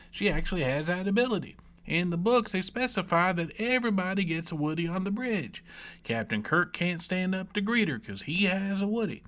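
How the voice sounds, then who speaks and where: A man's voice: sits high, fairly bright tone. A man with a Southern US accent, telling a comedic, rambling, irreverent story as a book reviewer.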